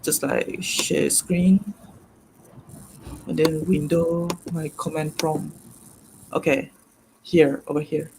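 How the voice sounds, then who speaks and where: A man's voice: fairly high pitch, steady tone, creaky, noisy background. A man presenting a live online demonstration on a video call, explaining step by step and stopping often to correct himself. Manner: halting, self-correcting, step-by-step. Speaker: guest presenter.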